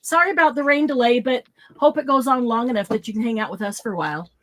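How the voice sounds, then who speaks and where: Bubbly woman, craft stream host, slightly high voice, laughs a lot, greets viewers. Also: fast. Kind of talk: casual livestream chat.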